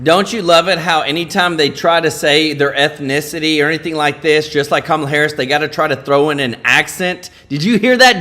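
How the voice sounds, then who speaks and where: A man hosting a livestream, reacting to clips with excitement and calling his viewers "guys". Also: on the high side. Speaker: channel host.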